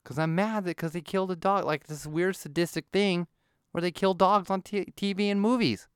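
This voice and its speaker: A man's voice: high voice, fairly even intonation, normal speed, clean tone, dry recording, clean studio sound. A man delivering a ranting, mock-outraged monologue to his audience, swearing freely and getting worked up.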